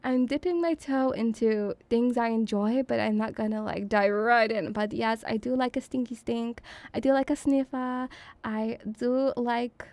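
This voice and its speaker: A woman's voice: on the high side, moderate pace, a little mellow, no room sound. A woman streaming as a VTuber, chatting casually and reading viewer messages in a flirty, teasing, giggly way.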